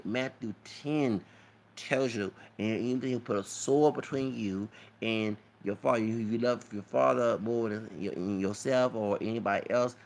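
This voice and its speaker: A man with a gravelly, creaky voice at a middling pitch, rambling through a commentary vlog. He lectures his viewers and keeps checking in with them, repeating himself as he goes. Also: a little hiss or hum. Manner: rambling, repeats himself, frequent "you know what I'm saying" and "okay?". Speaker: YouTube commentator.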